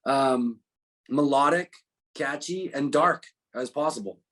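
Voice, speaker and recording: A man's voice: medium pitch, slow pace, a bit bright. A man in his thirties, a musician guest in a casual interview, talking in a laid-back, rambling way with many fillers.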